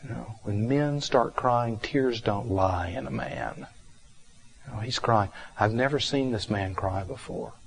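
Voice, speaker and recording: A man giving a reflective meditation talk, telling a counseling story gently and unhurriedly, with frequent pauses and fillers. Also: mid-range voice, creaky, slight background noise.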